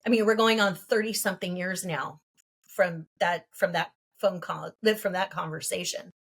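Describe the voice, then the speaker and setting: A woman in her fifties from California, a podcast guest telling a personal story in an earnest, halting way and laughing between thoughts. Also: lowish voice, steady tone, creaky, husky. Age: 50s.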